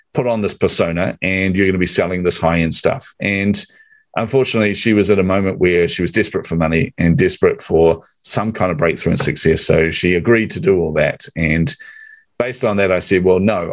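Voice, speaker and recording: Animated male podcast host, low dry voice. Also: no room sound. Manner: animated storyteller acting out quotes, laughs often. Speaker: podcast host telling a guest story. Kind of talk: casual storytelling chat.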